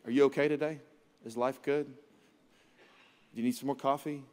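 A man's voice: medium pitch, fairly even intonation, moderate pace, a little mellow, long reverb tail. A man preaching as pastor, conversational and humorous, with self-deprecating jokes. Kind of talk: sermon.

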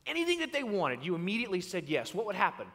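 A male pastor mixes scripture with comic storytelling. His voice sits high and swings a lot. A long reverb trails behind it, as in a big hall. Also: racing. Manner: animated, acts out voices.

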